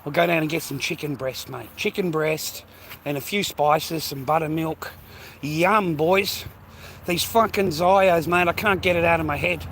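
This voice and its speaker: A man's voice: on the high side, fairly even intonation, measured pace, a bit bright, a little hiss or hum. A man with an Australian accent, vlogging outdoors while walking, talking in a rambling, profane, slangy way and sounding slightly out of breath. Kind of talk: casual walking vlog rant. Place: outdoors on foot.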